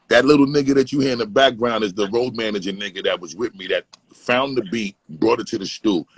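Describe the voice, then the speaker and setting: A man from Brooklyn, telling animated, profane stories as a guest and slipping into impressions. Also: on the low side, a little fast, few pauses, breathy edge, rough recording. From East Flatbush, Brooklyn, New York. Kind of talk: casual storytelling.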